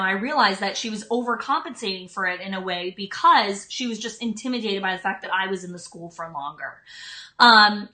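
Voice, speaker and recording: A woman's voice: mid-range voice, sharp tone. A woman in her thirties hosting a live stream, giving leadership tips in a chatty way, full of "like" and "um". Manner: chatty, frequent "like" and "um" fillers. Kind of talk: casual live-stream talk.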